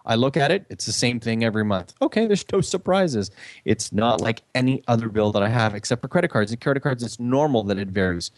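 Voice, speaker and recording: A man's voice: mid-range voice, lively intonation, quick pace, no room sound. A man telling a story in a casual chat, acting out the quoted dialogue with animation.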